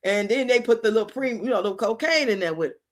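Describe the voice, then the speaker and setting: A woman's voice: fairly high pitch, lively intonation, fast. A middle-aged woman hosting a livestream, chatting casually and telling stories, laughing often and acting out what people said. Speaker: livestream host. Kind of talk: casual storytelling chat.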